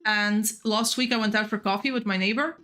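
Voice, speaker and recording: A woman's voice: medium pitch, fairly even intonation, fairly quick, pushed and bright. A young woman streaming a game, rambling in casual chat and laughing often. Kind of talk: casual chat while gaming.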